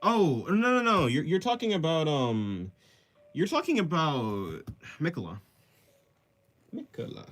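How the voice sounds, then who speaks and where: A young man draws live and chats with viewers in a fairly high, rather bright voice that is very animated yet measured in pace. He rambles, reads comments, and teases himself, laughing often, over faint background music.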